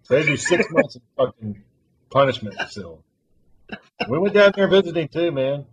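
A man's voice: fairly high pitch, big pitch swings, brisk, long pauses, breathy edge, muffled recording. A man telling a long story in casual chat, rambling and swearing freely.

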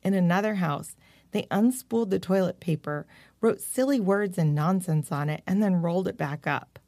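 A woman narrating a children's storybook in a gentle, measured way. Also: fairly low pitch, no echo, studio quality.

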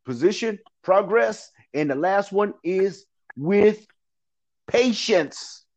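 High-voiced earnest man on lo-fi audio. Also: lively intonation, takes it slowly. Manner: earnest, repetitive, preacherly, laughs often. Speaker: guest. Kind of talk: motivational talk in an interview.

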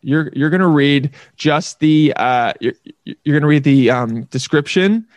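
Man, casual chat, playful and animated, slightly high voice, dry close sound. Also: unhurried, no room sound. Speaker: actor.

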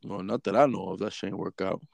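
A man co-hosting an uncensored podcast, telling stories in loud, profane banter. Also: low voice, fast, gravelly, no echo. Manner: animated, profane storytelling. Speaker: podcast co-host.

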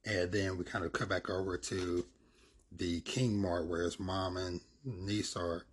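A man's voice: low-pitched, little pitch movement, unhurried, breathy edge. A man casually retelling a comic's plot in a rambling, filler-heavy way.

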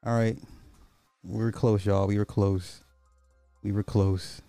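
Podcast guy, low mellow voice, sarcastic and resigned, keeps repeating himself, dry mic, bit of music. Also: flat delivery, slow, gravelly, long pauses, no room sound. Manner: sarcastic, repetitive, resigned asides. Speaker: podcast host. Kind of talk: casual social commentary reacting to clips. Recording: dry close mic with faint music behind.

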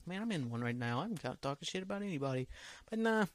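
A man's voice: a little high, very animated, fast talker, dry recording. Man rambling profanely on a podcast. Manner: rambling, profane, easygoing, trails off often. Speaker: podcast host. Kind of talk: rambling solo podcast monologue.

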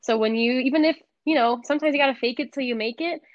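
A woman's voice: high-pitched, fast talker, no room sound. A woman in her thirties, co-hosting a casual chat, speaking earnestly and with emphasis. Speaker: podcast co-host. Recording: dull, dry lo-fi sound.

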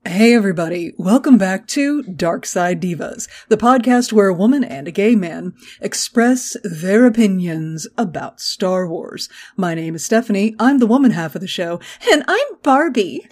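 A woman's voice: mid-range voice, animated, normal speed, few pauses, darkish tone. A woman co-hosting a podcast in casual chat, joking and laughing often. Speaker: podcast co-host.

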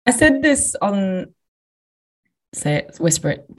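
A woman's voice: mid-range voice, very animated, takes it slowly. A woman co-hosting a podcast, rambling through an anecdote in a casual, self-mocking way.

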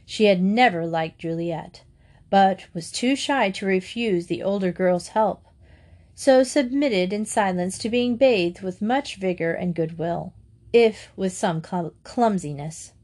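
Calm woman narrating a storybook. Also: medium pitch. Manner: calm, measured reading. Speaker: audiobook narrator.

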